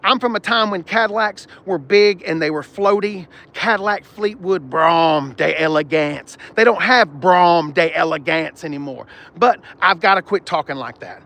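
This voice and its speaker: With a high, sharp-toned voice at a moderate pace, a car channel host streams live from an outdoor car lot. He's blunt and jokey with viewers, and without an external mic, the wind hits the microphone.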